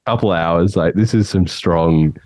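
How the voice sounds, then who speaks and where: A man's voice: sits low, measured pace, darkish tone, dry recording. A man hosting a podcast, chatting casually in a rambling way and laughing often. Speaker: podcast host.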